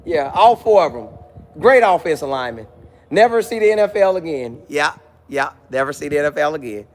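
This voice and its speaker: Guy streaming football talk, high voice, jumps all over, keeps repeating himself. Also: fairly quick. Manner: animated, jokey, repeats lines, mock voices. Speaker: sports commentary streamer reading chat. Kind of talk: casual live-stream chat.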